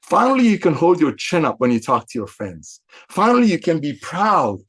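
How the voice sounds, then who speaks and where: Speaking at normal speed in a fairly high, husky voice, a company executive rallies his affiliates. His sales pitch is excitable and motivational, heavy on repetition and hitting words hard like a preacher.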